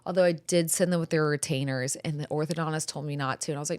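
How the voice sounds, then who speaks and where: A woman's voice: low-pitched, fairly even intonation, fast, a little mellow, clean tone, no room sound. A woman in her thirties from California, hosting a podcast and telling stories in casual chat, swearing freely and acting out the people she quotes. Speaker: podcast host.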